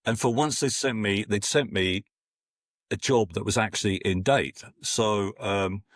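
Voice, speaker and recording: A man's voice: lowish voice, a little slow, no echo, studio quality. A man in his sixties from Scotland, a podcast guest telling rambling anecdotes full of restarts. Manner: rambling, with frequent restarts and acted-out quotes. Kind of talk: casual anecdotal storytelling.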